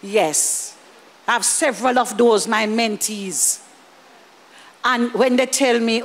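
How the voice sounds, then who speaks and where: A woman with a Jamaican accent preaching a lively sermon, slipping into Jamaican Creole and chuckling as she speaks. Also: on the high side, slow, pauses often, big-room sound. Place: church hall.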